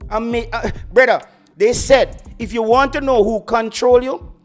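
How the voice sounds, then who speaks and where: Jamaican guy going off about football on stream, high voice, faint music behind. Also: moderate pace. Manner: boastful, ranting, slips into patois. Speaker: football YouTube host. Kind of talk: heated livestream football rant.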